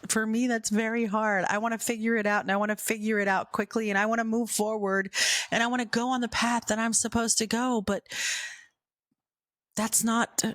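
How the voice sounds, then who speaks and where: A woman hosting a faith podcast, talking in a soft-spoken, earnest and reflective way. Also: mid-range voice, steady tone, normal speed, no room sound, clean studio sound. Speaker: podcast host.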